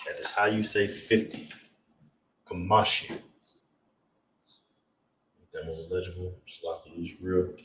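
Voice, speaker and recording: Deep-voiced man teaching pronunciation. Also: fairly even intonation, a bit bright, echoey room, far from the mic, a little hiss or hum, rough recording. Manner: slow, drawn-out pronunciation drills with repeated check-ins. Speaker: language teacher streaming a lesson. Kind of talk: live-streamed lesson.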